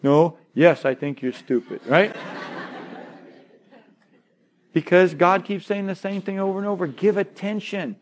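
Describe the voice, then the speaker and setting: A man preaching a sermon, emphatic and repetitive, leading the listeners in saying key words aloud. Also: on the high side. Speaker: pastor.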